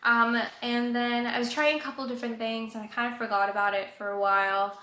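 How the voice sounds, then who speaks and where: A woman's voice: a little high, little pitch movement, fairly quick, bright, forceful tone. A young woman from Colombia chatting casually through a beauty product review, saying "like" often, a little nasal as she gets over a cold. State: recovering from a cold, a bit nasal. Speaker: beauty vlogger. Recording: echoey room.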